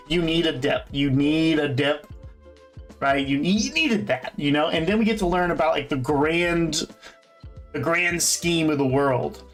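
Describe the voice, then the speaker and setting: A young man giving casual, rambling fan commentary on a show, full of fillers and restarts. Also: sits high. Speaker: host.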